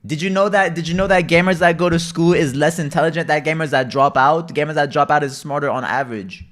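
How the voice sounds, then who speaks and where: A young man livestreaming casually, telling stories with heavy swearing, loud outbursts and reading out chat messages. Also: a little high, fast.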